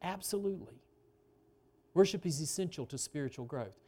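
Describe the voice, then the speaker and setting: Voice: medium pitch, animated, normal speed, dark tone. A pastor preaching a sermon in a conversational way, often asking the congregation questions and stretching out key phrases for emphasis.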